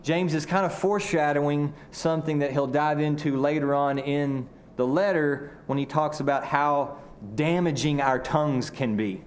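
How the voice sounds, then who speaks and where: A man from Arkansas with a Southern drawl, preaching a sermon earnestly, often repeating words and slowing down for emphasis. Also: fairly high pitch, a little mellow. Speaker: pastor.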